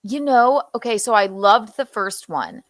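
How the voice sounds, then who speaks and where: Brief: woman host, slow drawl, higher voice, dry close sound, gossipy chat. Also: lively intonation, no room sound. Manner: drawn-out, laughing, gossipy. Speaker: podcast host. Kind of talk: casual chat.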